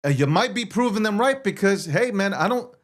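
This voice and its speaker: Talking a little fast in a high, animated voice, a man hosting a livestream show rants at his audience. It's a brash, profane, boastful tirade built on repeated phrases and rhetorical questions.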